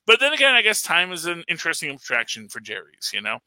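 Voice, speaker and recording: Lively, bright-voiced man chatting about a film. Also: on the high side, fast, no room sound. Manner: rambling, enthusiastic, laughs often, many fillers. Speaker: podcast host reviewing a film. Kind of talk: casual chat.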